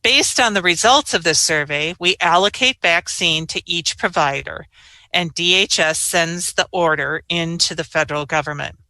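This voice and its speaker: A middle-aged woman gives measured, explanatory briefing remarks as a state health official. Her voice is bright and forceful, and it sits dry and close to the microphone with no room sound around it. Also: on the low side, no room sound.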